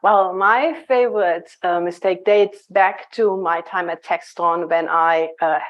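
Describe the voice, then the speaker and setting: A woman from Germany with a German accent, a leadership coach explaining things in a measured way as a podcast guest. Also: on the low side, steady tone, lo-fi sound. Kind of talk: conversational interview.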